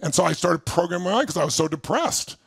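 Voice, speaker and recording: A man with a raspy, gravelly voice that sits a bit high for a man speaks as a motivational speaker. He tells his life story in a storyteller's way and pushes hard to fire up the crowd. The sound is dry and close, with no room echo. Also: lively intonation, fast talker. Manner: shouts to rouse the crowd, then storytelling. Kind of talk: motivational talk to a live audience.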